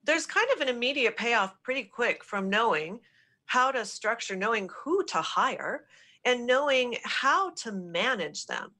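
A woman's voice: on the high side, sing-song, pushed and bright. A woman executive consultant answering questions in a business podcast interview, explaining in an affirming way. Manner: affirming, explanatory, quick repeated yeses.

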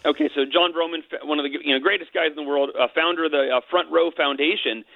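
Fast-talking man on a tinny phone line. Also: a little high, fairly even intonation, gravelly, no room sound. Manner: candid, emotional, quick to joke. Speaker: guest. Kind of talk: personal storytelling in an interview.

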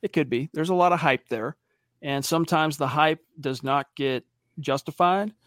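Here the sports podcast co-host speaks at normal speed in a higher-leaning voice, with studio-quality sound and no echo. Reading live chat comments aloud, he tells stories animatedly and acts out the quotes.

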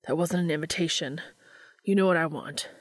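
A woman voicing an eager, flustered young adult man who talks in breathy, urgent whispers. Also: low voice, fairly even intonation, brisk, no echo, clean studio sound.

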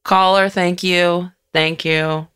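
A woman's voice: lowish voice, flat delivery, slow, a bit bright, clean tone. A woman co-hosting a podcast in casual chat, sarcastic and riffing with mock quotes. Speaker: podcast co-host.

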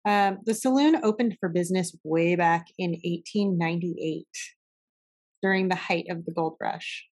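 A woman's voice: on the low side, normal speed, darkish tone. A woman co-hosting a podcast in casual chat, talkative and swearing freely. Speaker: podcast co-host.

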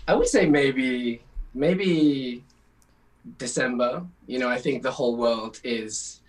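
A man's voice: medium pitch, slow. A British man who writes songs, chatting as an interview guest with lots of fillers and easy laughs. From United Kingdom. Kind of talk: casual interview. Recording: distant mic, faint noise.

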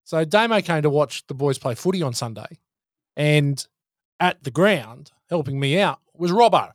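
A man's voice: fairly high pitch, lively intonation, normal speed, no echo, studio quality. A man co-hosting a podcast, chatty and telling stories in casual talk. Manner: chatty storyteller. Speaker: podcast co-host. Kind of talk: casual chat.

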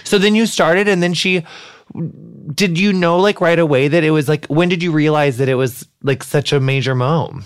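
A man's voice: a little high, steady tone, normal speed, smooth, no room sound, clean studio sound. A man hosting a podcast, chatting casually in a gushing, rambling way with lots of fillers. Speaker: podcast host. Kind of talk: casual chat.

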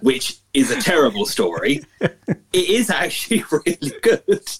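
A man's voice: fairly high pitch, sing-song, a little slow, noisy background. A man on a podcast panel chatting casually, laughing often and apologizing in a joking way.

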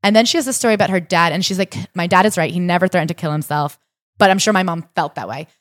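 Female podcast co-host, fast and animated retelling, slightly low voice, dry booth sound. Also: dry recording. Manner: animated storytelling, acts out quotes with rising indignation. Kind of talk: casual book discussion.

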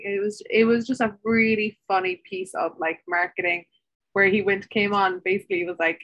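A woman's voice: medium pitch, little pitch movement, normal speed, fairly bright tone, low-quality recording. An Irish woman co-hosting a podcast, chatty and casual, filling her talk with "like" and swearing offhandedly. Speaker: podcast co-host.

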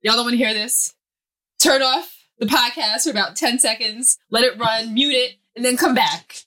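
A woman co-hosting a podcast with her partner, teasing and animated in casual chat, laughing often. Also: fairly high pitch, normal speed. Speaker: podcast co-host.

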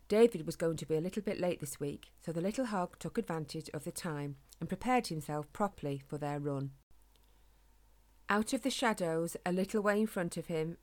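A woman narrating a children's animal story in a gentle, measured way. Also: fairly low pitch.

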